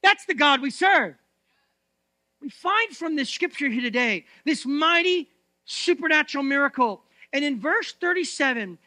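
A man preaching a church sermon, swinging between loud proclaiming and hushed, intense reading of scripture. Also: very high voice, no room sound. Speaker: pastor.

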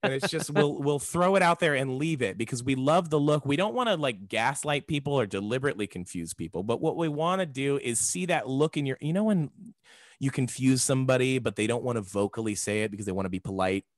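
A man's voice: medium pitch, quick pace, no room sound, clean studio sound. A man, a podcast guest, telling stories in casual chat and acting out the people in them. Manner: animated, acts out quoted people mid-story.

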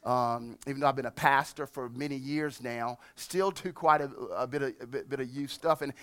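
A middle-aged male pastor preaching a sermon, slowing and rising on scripture and dropping soft and low when he reflects. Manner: emphatic preaching, slows and rises on scripture, drops soft on reflection.

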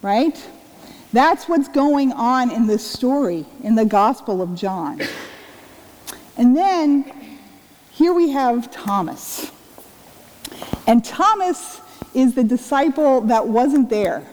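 A woman's voice: a little high, expressive, takes it slowly, pauses often, darkish tone. A middle-aged woman pastor giving a sermon in a conversational, earnest way, full of rhetorical questions. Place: church sanctuary. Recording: long reverb of a church sanctuary.

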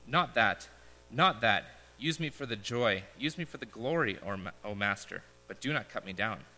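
A man voicing a proud male bamboo plant in a read-aloud parable, pleading in a low, trembling voice. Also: animated, moderate pace, bright, forceful tone, faint music behind. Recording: echoey large hall.

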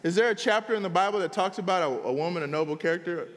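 An animated man delivers a sermon, breaking into laughter and quick asides. His voice sits high for a man. A long reverb trails behind him in the room. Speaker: pastor.

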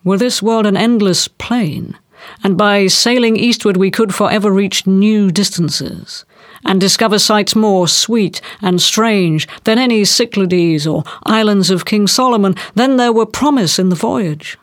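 Slow, measured woman reading a novel. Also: mid-range voice, no echo, studio quality. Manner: measured, deliberate delivery. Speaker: audiobook reader. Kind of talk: literary reading.

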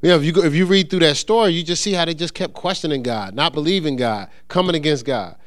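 A middle-aged man preaching an informal sermon, reading scripture and talking it through in a loose, conversational, animated way. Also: on the high side, fast talker, no room sound, studio quality. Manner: conversational, animated, with many restarts and sports anecdotes.

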